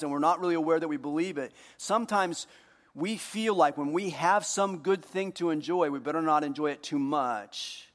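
A man preaching a sermon to his congregation, joking with them and moving between hushed earnest moments and loud, playful ones. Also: a little high, big-room sound. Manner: jokey, talks directly to the congregation. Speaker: pastor. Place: church hall.

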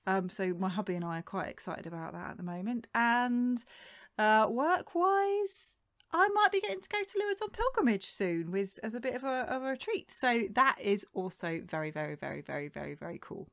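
A woman's voice: fairly high pitch, expressive, moderate pace, a bit bright, dry recording, studio quality. A woman co-hosting a podcast in casual chat, cheerful and teasing. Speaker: podcast co-host.

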